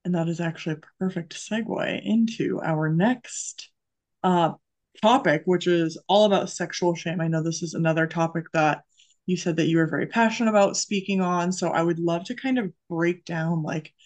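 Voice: mid-range voice, moderate pace. A podcast host talking in an enthusiastic, chatty way, with many fillers. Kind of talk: podcast interview.

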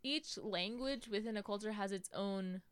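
A woman's voice: mid-range voice, moderate pace, clear, resonant tone, no echo. A young American woman chatting casually as a podcast host, telling stories with lots of "like" and "you know". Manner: acts out quotes in a raised voice. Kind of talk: casual chat.

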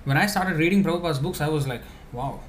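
A man giving a conversational spiritual talk, answering questions with many fillers and restarts, now and then laughing softly. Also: fairly high pitch, very fast, slight background noise.

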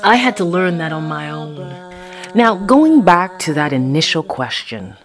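A woman from Toronto narrating her own life story in a reflective way, with long pauses. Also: sits low, big pitch swings, faint music behind. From Toronto, Canada. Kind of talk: personal storytelling.

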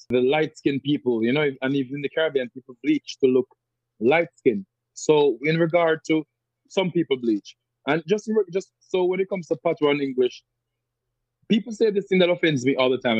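A man's voice: medium pitch, no echo, lo-fi sound. A man from Jamaica with a Jamaican accent, a podcast guest talking reflectively and repeating words as he searches for them. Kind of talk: conversational interview.

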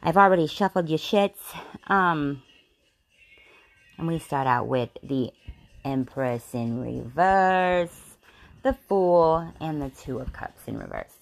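A low-pitched woman talks slowly through a tarot reading. She curses freely, laughs easily and fills her talk with "um" and "you know." Soft music plays behind her. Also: lively intonation, vocal fry. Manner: profane, laughing, rambling with many fillers. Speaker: tarot reader.

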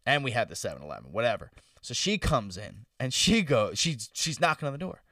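A man's voice: mid-range voice, fairly quick, no room sound, recorded from a distance. A young man co-hosting a casual chat, telling stories with lots of swearing. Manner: animated storyteller, swears a lot. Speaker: podcast co-host. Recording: dry, a bit off-mic.

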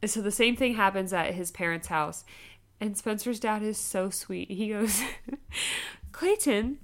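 A young woman, a mother and podcast co-host, telling stories in a casual chat, animated and full of "like" fillers, laughing as she goes. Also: mid-range voice, normal speed.

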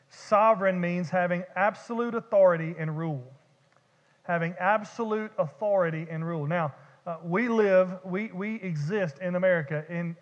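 A man preaching a sermon as pastor, talking in a conversational way that often repeats and restarts words. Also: on the high side. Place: church sanctuary. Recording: dull lo-fi church recording with long reverb.

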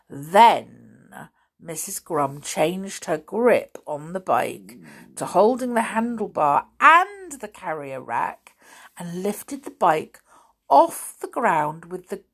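A woman reading a story aloud, narrating with expressive, dramatic delivery. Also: lowish voice.

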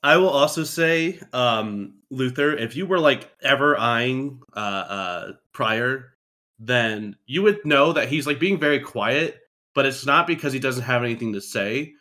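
A man's voice: mid-range voice, animated, a little slow, pushed and bright. A man acting as game master, loosely describing a character's mood in a casual way. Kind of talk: narrating a tabletop game.

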